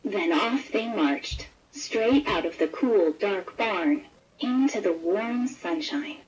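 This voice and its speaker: A woman narrating a children's picture book in a gentle, expressive read-aloud manner. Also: medium pitch, slow pace, a little hiss or hum, poor audio. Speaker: storybook narrator. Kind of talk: scripted children's story narration.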